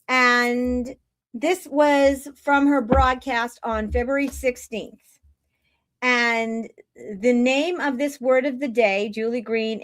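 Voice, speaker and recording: A woman with a Boston accent and a somewhat high voice talks to her viewers as a tarot reader. She is emphatic and exclamatory, with an upbeat, preaching tone. The sound is dry and close, with little room echo. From Boston area. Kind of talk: spiritual reading talk to viewers.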